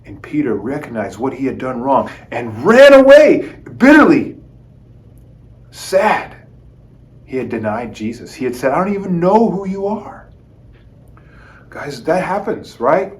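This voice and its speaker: Male kids' Bible teacher, slightly high voice, animated storyteller who talks directly to the children. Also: a little slow, pauses often. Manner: lively, addresses kids as "guys", acts out quotes. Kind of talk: storytelling Bible lesson for kids.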